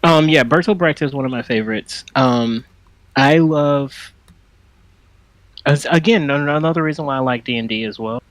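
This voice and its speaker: Animated man on a dry mic. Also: medium pitch, normal speed, no echo, poor audio. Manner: animated, acts out quoted lines. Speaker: podcast co-host. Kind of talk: casual podcast chat.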